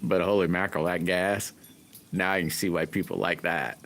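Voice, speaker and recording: A man's voice: low-pitched, steady tone, moderate pace, fairly bright tone, slight background noise. A man hosting a livestream, rambling through folksy stories and chatting casually with viewers. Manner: rambling folksy storytelling, laughs often. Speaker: livestream host.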